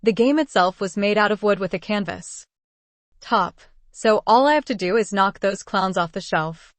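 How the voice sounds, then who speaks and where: A woman's voice: medium pitch, moderate pace, dry recording. A woman casually narrating a first-person story in an unpolished reading style.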